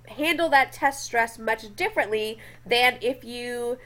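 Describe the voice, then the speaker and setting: Brief: young woman, high voice, chatty lecturer working through slides, keeps checking in with the class. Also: unhurried, a bit bright. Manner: chatty, often checks in with "okay?".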